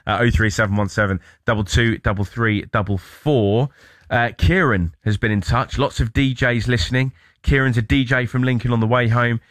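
A man's voice: medium pitch, fairly even intonation, normal speed, hardly any pauses, fairly bright tone, dry recording, clean studio sound. A British man hosting a radio show, chatting casually in a rambling, anecdotal way. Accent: British English. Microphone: studio mic.

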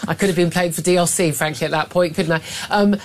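A woman hosting a talk radio show, brisk and sardonic, chatting with asides from a studio, a little worse for wear. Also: fairly low pitch, fairly even intonation, a little hiss or hum. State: a bit hungover. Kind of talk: opinionated casual talk radio.

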